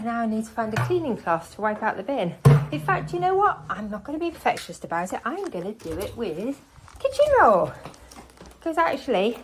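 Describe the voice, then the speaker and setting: Brit lady rambling while she cleans, kinda breathless, lots of background noise. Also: on the high side. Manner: chatty, scattered, self-narrating. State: slightly out of breath. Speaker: home cleaning vlogger. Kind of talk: casual chat while cleaning. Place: house, indoors.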